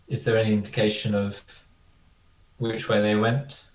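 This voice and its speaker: Male tabletop player, very low voice, tentative; distant mic in an echoey room. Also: little pitch movement, normal speed, a little hiss or hum. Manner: tentative, thinking aloud. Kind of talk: tabletop game play.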